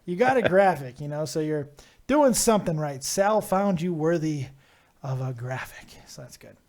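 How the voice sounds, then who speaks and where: A man's voice: a little high, lively intonation, normal speed, a little mellow. A man hosting a live call-in show, loose and joking, swearing freely as he chats with callers. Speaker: host.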